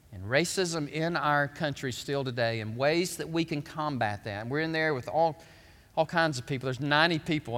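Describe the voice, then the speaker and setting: A middle-aged man preaches a sermon with a bright, high voice, telling folksy stories with animated swings in tone. His voice rings out with a long reverb from a large church hall. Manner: animated, folksy storytelling with big swings up in pitch. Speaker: pastor.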